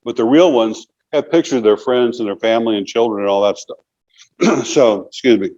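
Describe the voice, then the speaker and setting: His voice is mid-range and slightly mellow, with the high frequencies missing. He's a man in his sixties being interviewed, spinning long, loose stories and rambling with plenty of "you know" fillers.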